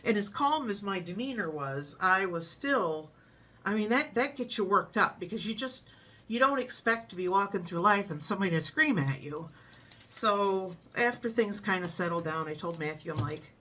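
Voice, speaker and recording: A middle-aged woman from the United States chatting casually to her viewers, telling a story with frequent laughs and a calm, frank manner. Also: mid-range voice, moderate pace. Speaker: vlogger.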